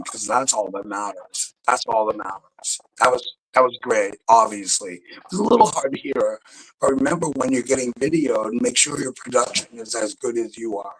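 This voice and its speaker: Raspy, emphatic man coaching comics. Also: medium pitch, a little hiss or hum, rough recording. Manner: animated, emphatic, swears freely. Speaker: comedy coach giving critiques. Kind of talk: casual chat.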